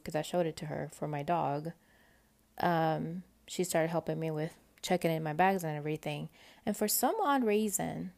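A woman's voice: lowish voice, creaky, darkish tone. A young woman telling a personal story in a chatty, rambling way, full of "like" and "you know". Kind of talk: casual storytelling.

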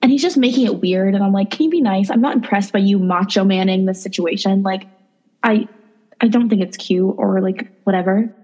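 A young woman co-hosting a podcast, telling dating stories in a casual, animated way, acting out quotes and saying "like" a lot. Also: mid-range voice, a little fast. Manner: animated, acts out quotes, lots of "like". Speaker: podcast co-host. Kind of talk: casual storytelling chat.

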